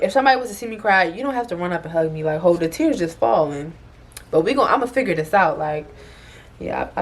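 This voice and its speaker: A young woman, a single mother, talking candidly in a casual confessional vlog, rambling and conversational. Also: medium pitch. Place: bedroom at home with open window.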